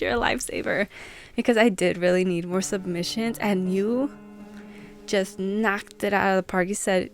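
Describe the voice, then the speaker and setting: A woman's voice: mid-range voice, fairly even intonation, moderate pace, gravelly, soft background music. A woman hosting a channel, reading viewers' submitted stories aloud and chatting casually about them.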